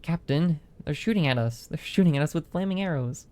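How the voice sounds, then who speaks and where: A man reading aloud the lines of a nervous young male clerk from a game book, his pitch slightly raised. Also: a little fast, mellow, lightly acted. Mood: alarmed.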